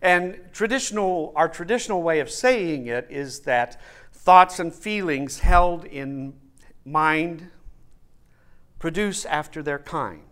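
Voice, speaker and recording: A male preacher delivers a sermon slowly and deliberately, restating his main points for emphasis. His voice is bright and slightly high, and his pitch swings widely from phrase to phrase. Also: expressive, smooth. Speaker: minister.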